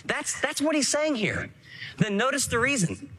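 A man's voice: extremely high pitch, very animated, moderate pace, sharp tone, slight background noise. A man preaching a sermon as pastor, earnest and emphatic, acting out short quotes.

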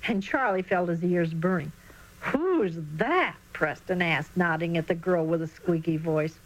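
A woman narrating a children's Christian storybook in an expressive reading voice. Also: lowish voice, moderate pace, poor audio.

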